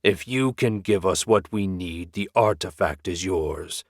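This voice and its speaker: A man voicing a cold, commanding male dragon in an audiobook, speaking slowly and with threat. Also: low-pitched, dry recording, studio quality. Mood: menacing. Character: commanding, menacing male dragon in human form. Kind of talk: audiobook character voice.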